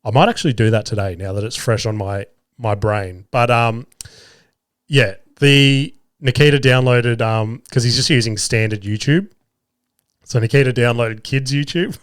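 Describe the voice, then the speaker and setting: A man's voice: medium pitch, clean tone, no echo, clean studio sound. A young man hosting a solo podcast, rambling casually and swearing freely as he chats. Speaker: podcast host.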